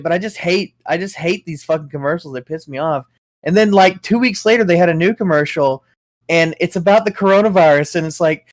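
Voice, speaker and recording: A man's voice: high-pitched, a little fast, no room sound. A man co-hosting a casual talk show, ranting in a rambling, profane way. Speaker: co-host. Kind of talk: casual chat.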